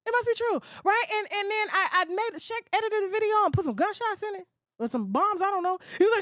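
A woman's voice: very high voice, lively intonation, fairly quick, a bit bright, no echo, studio quality. A woman blogger delivering a blunt, profane rant, mockingly mimicking other people. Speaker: gossip blogger. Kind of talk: ranting monologue.

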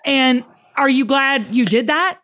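A woman's voice: high voice, measured pace. A woman hosting a casual chat, talking emphatically and animatedly. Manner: emphatic, animated, preachy bursts. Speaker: show host.

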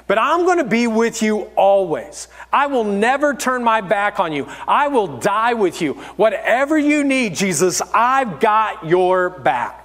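A man's voice: high voice, big pitch swings, measured pace, hardly any pauses, fairly bright tone, full character voice. A man voicing a brash, boastful young man who brags eagerly about his loyalty. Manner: bragging, eager. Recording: long hall reverb.

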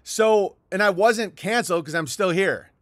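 A man's voice: high voice, normal speed, fairly bright tone, no room sound, clean studio sound. A middle-aged man hosting a livestream, talking in a heated, profane, rambling monologue with frequent restarts. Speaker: livestream host. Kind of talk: rambling livestream monologue reading viewer chats.

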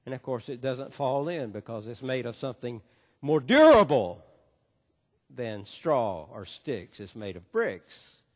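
A man's voice: medium pitch, sing-song, unhurried. A male pastor preaching a sermon in a church, telling a story with emphatic delivery. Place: church sanctuary. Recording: long church reverb.

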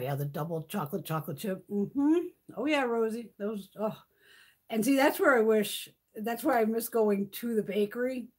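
A middle-aged woman hosting a beauty livestream, chatting casually and telling animated stories, swearing freely. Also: fairly high pitch, breathy edge.

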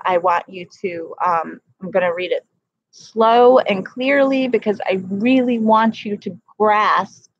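A woman's voice: medium pitch, no echo, dull audio. A woman hosting a livestream, talking earnestly about her faith and praying aloud, often repeating phrases for emphasis. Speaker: livestream host sharing a prophetic word. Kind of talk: casual faith talk and spoken prayer.

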